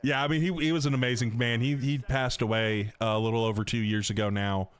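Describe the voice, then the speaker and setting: Speaking brisk and level in a mid-range voice that's clear and resonant, this middle-aged man from North Carolina jokes around on his gaming stream. He's chatty and slangy, reading viewers' chat messages out loud.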